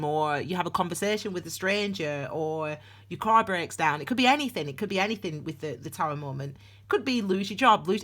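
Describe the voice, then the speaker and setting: A woman in her thirties gives a casual tarot reading straight to camera. Her voice swings widely in pitch, and she rambles warmly, laughs often and restarts her sentences. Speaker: tarot reader. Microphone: camera on desk.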